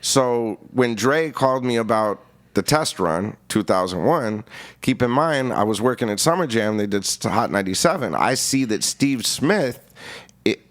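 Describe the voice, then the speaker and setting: A man's voice: medium pitch, lively intonation, moderate pace. Man telling a story, casual and swearing. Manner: casual, profane, peppered with 'you know what I mean'. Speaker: interview guest. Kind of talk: animated storytelling with acted-out quotes.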